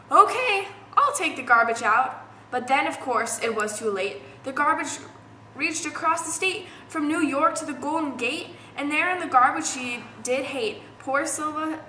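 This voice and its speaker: Young woman, from Colorado, high-pitched, bright tone, expressive poem reading, echoey room. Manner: expressive, stumbles over words now and then. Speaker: reader of children's poems. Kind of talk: reading poems aloud. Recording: echoey room, faint noise.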